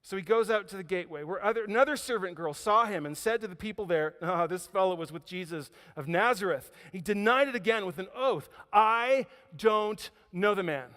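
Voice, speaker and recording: A man preaching a sermon as pastor, telling a story with dramatic swings from loud emphasis to hushed quiet. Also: high voice, lively intonation, fast talker, few pauses. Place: church auditorium. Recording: hall reverb.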